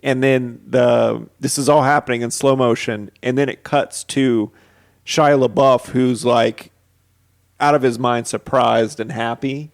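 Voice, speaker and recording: A man's voice: medium pitch, steady tone, a little slow, vocal fry. A man co-hosting a podcast, adding details to a casual film recap. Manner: chiming in with details and laughs. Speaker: podcast co-host. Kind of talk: casual movie recap chat.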